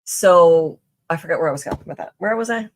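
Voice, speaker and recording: On a podcast, a woman guest tells personal stories casually, rambling with lots of fillers and restarts. Her voice is fairly low with lively intonation and a slightly quick pace, and there's a little hiss or hum in the recording.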